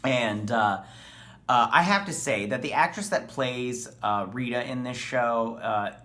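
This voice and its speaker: A man's voice: mid-range voice, measured pace, fairly bright tone. A man hosting a casual TV episode review, talking in a rambling, enthusiastic way with many ums and uhs. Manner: rambling, filler-heavy, enthusiastic. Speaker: TV show reviewer.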